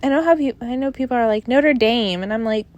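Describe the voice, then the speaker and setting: A woman's voice: fairly high pitch, racing, a little mellow, dull audio. A young woman hosting her own podcast in casual chat, rambling and giggly, often trailing off into mumbles. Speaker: podcast host.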